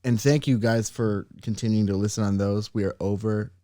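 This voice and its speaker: Excitable male podcast co-host. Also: lowish voice, moderate pace, dry recording, clean studio sound. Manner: playful, excitable shout-outs to listeners. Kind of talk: casual chat. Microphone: studio microphone on camera.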